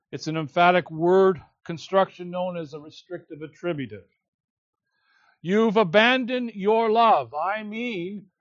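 A man preaching an expository sermon, stressing his points with deliberate, emphatic repetition. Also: sits high, dry recording, muffled recording.

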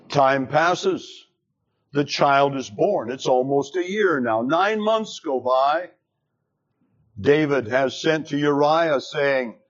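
Slow, dramatic male preacher, lo-fi. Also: fairly high pitch. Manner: dramatic, deliberate storytelling. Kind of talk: sermon retelling a scripture story. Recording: dull lo-fi recording.

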